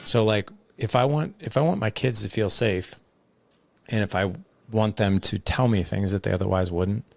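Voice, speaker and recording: A man's voice: on the low side, moderate pace, vocal fry, no room sound. A man, a father and podcast guest, talking earnestly in conversational examples with lots of casual fillers.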